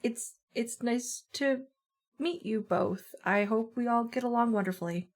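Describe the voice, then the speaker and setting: A woman playing in character at a tabletop game, polite and hesitant with frequent pauses. She speaks slowly in a fairly high voice. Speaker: player.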